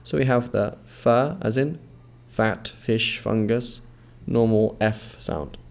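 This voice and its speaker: A man with a gravelly, creaky edge to his voice walks through pronunciation like a patient teacher. He repeats each sound slowly, stretches it out, and keeps checking that the listener is following. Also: on the low side. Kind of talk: instructional explanation with repeated model words.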